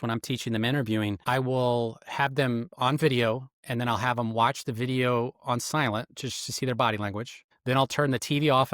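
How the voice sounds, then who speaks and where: Retired investigator type, middle-aged man, rapid teaching talk, dry mic. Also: mid-range voice, dry recording. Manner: animated, instructive, acts out quoted lines. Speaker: guest, retired federal agent and interrogator. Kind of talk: explanatory interview talk.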